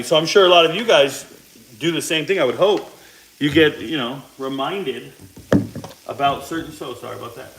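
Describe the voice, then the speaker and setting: A man in his forties talks loosely to his viewers as he cooks, drifting into side stories between steps. His voice sits at an ordinary middle pitch, with the occasional cough from a sore throat. A faint sizzle of frying food runs underneath. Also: a bit bright, a little hiss or hum, rough recording. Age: 40s. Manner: chatty, rambling asides while cooking. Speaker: cooking vlogger. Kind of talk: casual cooking chat to viewers. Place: home kitchen, cooking at the stove.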